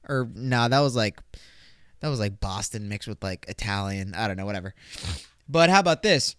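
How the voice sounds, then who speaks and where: A young man hosts a casual solo podcast, joking and rambling as his volume swings from loud bursts to mumbled asides. His voice is smooth and resonant, close on the mic in a dry, dead room. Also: mid-range voice, normal speed, no echo. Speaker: podcast host.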